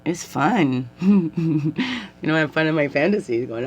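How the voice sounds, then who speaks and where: Speaking at a measured pace in a low-pitched voice, a self-styled medicine woman in middle age chats to camera. Her talk wanders, full of giggles, frequent laughter and lively storytelling.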